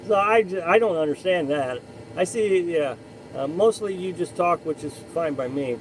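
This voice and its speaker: High-voiced man chatting on a live stream. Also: expressive, a little slow, a little hiss or hum, low-quality recording. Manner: rambling, chatty, frequent restarts. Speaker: live stream host reading chat. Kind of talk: casual live chat.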